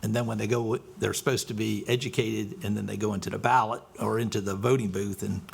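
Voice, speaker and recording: A man's voice: fairly low pitch, level tone, fairly quick, creaky, breathy edge. A man advising a county council, explaining the ballot steps plainly at a work session. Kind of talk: meeting discussion.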